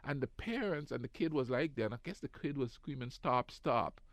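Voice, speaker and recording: A man co-hosting a radio talk show, ranting casually and acting out quoted people in high voices. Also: fast talker, no echo. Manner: animated storyteller, acts out quotes in high voices.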